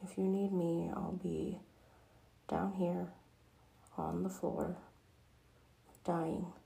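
A woman's voice: on the low side, level tone, very slow, creaky, dark tone, exaggerated voice. A woman doing a mopey dramatic teen girl, whispered role-play.

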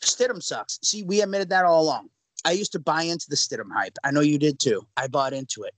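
Emphatic ranting man, slightly high voice. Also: a little fast, dry recording, rough recording. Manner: loud, emphatic ranting with sudden pitch jumps. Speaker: podcast co-host. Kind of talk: ranting sports podcast talk.

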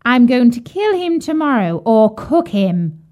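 A woman's voice: a little high, big pitch swings, a little slow, darkish tone, pitched above the performer's own voice. A woman voicing a wicked old witch who eats children, jeering and bossy. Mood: shrill bossy.

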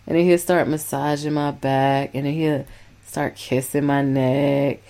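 A woman co-hosting a couple's podcast, telling her side with animated, emphatic storytelling. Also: extremely low pitch, unhurried. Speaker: podcast co-host. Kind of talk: casual couple's podcast chat.

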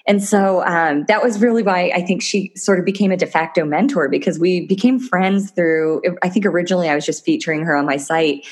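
A woman's voice: lowish voice, fairly quick, few pauses, breathy edge. A woman talking as a podcast guest in a casual interview, chatty and enthusiastic, often laughing. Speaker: podcast guest, physical therapist turned entrepreneur.

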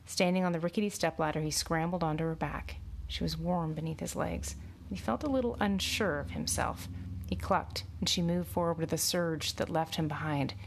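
A woman narrating a novel aloud in a measured, expressive reading. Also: low-pitched, creaky, slight background noise. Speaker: audiobook narrator. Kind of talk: storybook narration.

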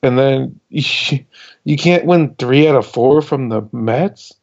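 Brief: young male podcast co-host, gravelly fry, slightly muffled lo-fi mic, exasperated rambling fan. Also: medium pitch, slow, darkish tone. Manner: frustrated, rambling, swears. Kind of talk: casual sports talk.

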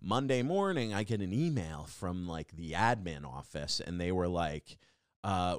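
A young adult man hosting a podcast, telling a comedic story in a rambling, animated way full of fillers and restarts. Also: low voice, unhurried, clear, resonant tone, dry recording, clean studio sound. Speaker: podcast host.

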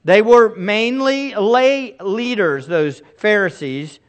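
A man's voice: sits high, expressive, slow. A man in middle age, a pastor preaching a sermon in an earnest, emphatic way with pleading asides.

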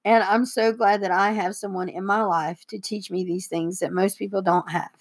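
A woman's voice: mid-range voice, steady tone, moderate pace. A young woman, a daughter co-hosting, reading heartfelt letters aloud and fighting back tears. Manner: tearful, emotional reading. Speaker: co-host and daughter.

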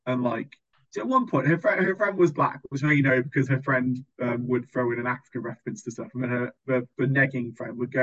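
A man's voice: medium pitch, a little fast, fairly bright tone. A man hosting a podcast, telling a sarcastic, exasperated, sweary story in casual chat. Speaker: podcast host. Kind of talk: casual chat, ranting anecdote. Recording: slightly dull lo-fi recording.

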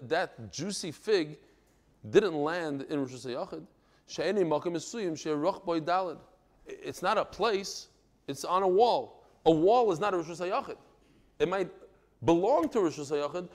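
A man from Brooklyn, New York, teaching a Talmud class in a lively, digressive way, breaking into joking stories. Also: high voice. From United States (Brooklyn, New York).

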